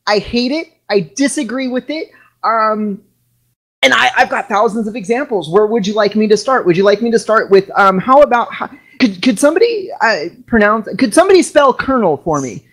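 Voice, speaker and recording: A woman from Washington state hosting a casual podcast chat, talking in halting starts and restarts that build into a rant. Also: a little high, animated, fairly bright tone.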